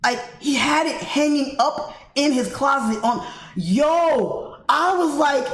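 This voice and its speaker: Animated American woman telling a story. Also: on the high side, measured pace. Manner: animated, laughing, addresses viewers as guys. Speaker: livestream host. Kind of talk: casual storytelling to viewers. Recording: echoey room with faint noise.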